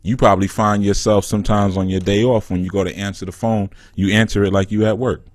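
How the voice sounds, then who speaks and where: Teasing new guy hosting a call-in show, low voice, dry sound. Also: flat delivery, fast talker, no room sound. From New York. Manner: teasing, joking, laid-back slang. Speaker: spiritual counselor and show host. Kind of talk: casual call-in banter.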